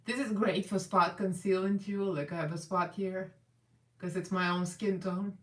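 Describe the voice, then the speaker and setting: A woman's voice: mid-range voice, fairly even intonation, moderate pace. Chatty woman doing a live makeup stream. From Russian American. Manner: chatty, rambling, laughs often. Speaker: makeup livestream host. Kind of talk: casual live makeup chat. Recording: echoey room, voice a little far from the mic.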